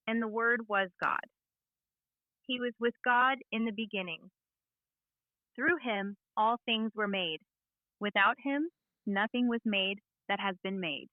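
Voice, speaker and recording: A woman's voice: medium pitch, dry recording. Tinny synthetic woman preaching earnestly. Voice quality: smooth synthetic voice. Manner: clear and earnest, with conviction. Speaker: AI voice assistant. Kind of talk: simulated sermon. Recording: tinny phone speaker playback.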